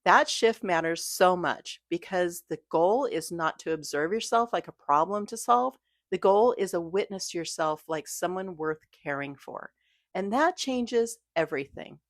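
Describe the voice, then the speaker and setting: Soft-spoken woman coaching ppl through mindfulness, kinda low voice, dry close sound. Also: expressive, unhurried, no room sound. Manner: gentle, reassuring, coaching tone. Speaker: mindfulness creator. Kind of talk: scripted talk to camera.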